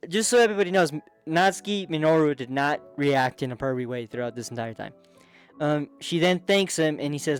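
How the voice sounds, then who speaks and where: Brief: chatty male manga recapper, slightly higher voice, excitable, with faint music under. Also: normal speed, smooth. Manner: excitable, chatty, many restarts and asides. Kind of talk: casual commentary.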